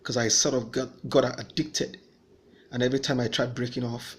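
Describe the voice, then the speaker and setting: A man's voice: mid-range voice, level tone, normal speed, slight background noise. Man telling an earnest faith testimony. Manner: earnest storytelling, voicing remembered dialogue. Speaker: speaker giving a testimony. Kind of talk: personal faith testimony storytelling.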